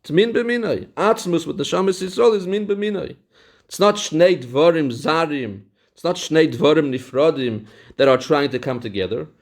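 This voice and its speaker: A man's voice: on the high side, lively intonation, moderate pace. Man teaching a text lesson. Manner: reads Hebrew passages aloud, then explains them in Yeshivish English; repeats phrases for emphasis, with sing-song study cadence. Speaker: Torah teacher. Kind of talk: Talmudic-style text lesson.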